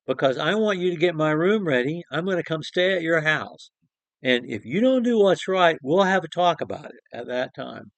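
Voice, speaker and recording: A man's voice: on the high side, dry recording. A man preaching a short devotional Bible talk in an earnest, emphatic way, repeating phrases and restarting sentences.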